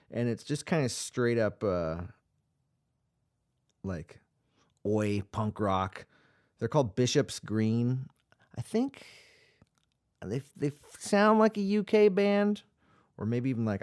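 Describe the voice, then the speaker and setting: Tired, rambling radio host, lively pitch. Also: male voice. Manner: rambling, many ums and restarts. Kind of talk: casual rambling chat.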